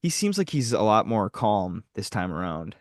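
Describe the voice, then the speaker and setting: Profane animated man telling a story. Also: on the low side, normal speed, dry recording, clean studio sound. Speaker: podcast co-host. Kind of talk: casual chat, storytelling.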